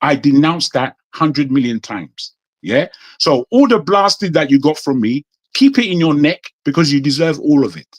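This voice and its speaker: Brief: British-accented male guest, indignant and forceful, slightly higher voice. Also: animated, moderate pace, no echo. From Nigeria. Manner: forceful, indignant, repeats phrases. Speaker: debate guest. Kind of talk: heated panel debate.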